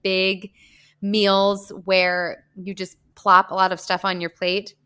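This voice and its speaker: Lively woman retelling movie scenes. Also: mid-range voice, smooth. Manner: animated storytelling, laughs easily. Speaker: podcast co-host. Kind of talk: casual movie discussion.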